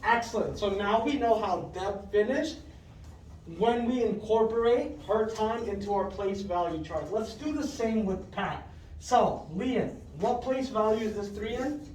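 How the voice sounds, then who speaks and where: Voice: mid-range voice, a little slow, a little mellow, far from the mic, slight background noise. Teacher in a roomy classroom, heard from afar. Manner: patient, repeats questions and checks with "right?"; calls on pupils by name and praises answers. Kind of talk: fifth-grade math lesson.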